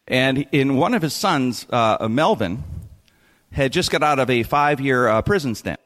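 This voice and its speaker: Animated man telling a comic story. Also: medium pitch, measured pace. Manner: animated, laughs through his lines. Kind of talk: comic anecdote. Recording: long hall reverb.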